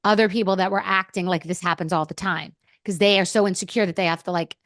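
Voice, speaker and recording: A woman's voice: lowish voice, steady tone, quick pace, fairly bright tone, dry recording, studio quality. A woman guest on a podcast, telling a candid story in a blunt, profane, rambling way.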